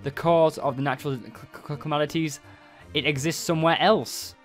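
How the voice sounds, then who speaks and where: A man reading game dialogue aloud as an ancient, solemn nine-tailed fox spirit, slow and formal with archaic phrasing. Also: on the high side, fairly even intonation, soft background music, natural voice.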